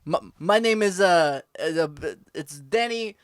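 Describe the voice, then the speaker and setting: A man's voice: high voice, animated, a little slow, no echo, studio quality, pitched below the performer's own voice. A man doing a rambling Boston-accented tough-guy impression in an improvised comedy sketch, full of fillers. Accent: Boston put-on. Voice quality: gruff wiseguy, bada bing catchphrase.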